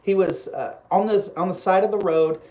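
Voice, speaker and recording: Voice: medium pitch, normal speed. A live stream host telling a long personal story in a casual, rambling way, full of restarts, and replying to viewer comments. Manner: rambling and animated, with frequent restarts; reads viewer comments aloud and replies.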